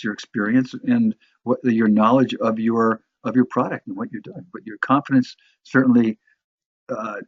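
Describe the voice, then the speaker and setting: Husky man teaching in a dull recording. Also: mid-range voice, no echo. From New York area. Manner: conversational, frequent restarts and repeated words. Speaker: course instructor. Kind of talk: instructional talk on sales presentations.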